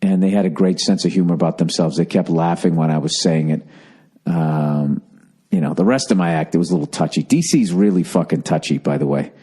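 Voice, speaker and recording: A man hosting a casual solo podcast from his home in the early morning, rambling and profane, keeping his voice hushed so he won't wake the house. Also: low-pitched, brisk, husky. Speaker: podcast host.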